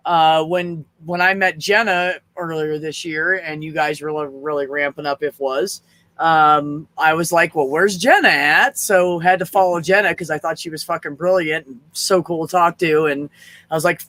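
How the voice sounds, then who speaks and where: A man hosting a livestream in casual chat, frank and rambling, swearing freely and filling pauses with ums. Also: a little high, fairly even intonation, pushed and bright. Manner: frank, profane, rambling with fillers. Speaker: livestream host.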